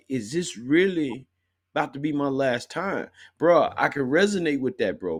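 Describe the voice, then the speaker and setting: A man's voice: fairly high pitch, slightly rough. A man hosting a podcast, responding in casual, emphatic slang. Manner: emphatic, slangy, lots of bruh. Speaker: podcast host. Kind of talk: casual chat.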